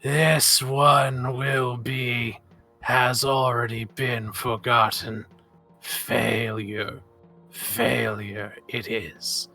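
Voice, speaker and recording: A man's voice: medium pitch, level tone, gravelly, sharp tone, soft background music, exaggerated voice. Man putting on an alien, cruel creature voice. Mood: menacing. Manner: slow, distant, menacing. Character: alien-possessed male creature, cruel, sadistic.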